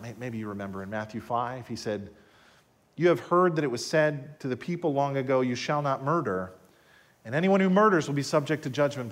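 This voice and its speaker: A man preaching a sermon as pastor, animated, swinging between soft, quiet asides and loud emphatic rises. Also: medium pitch.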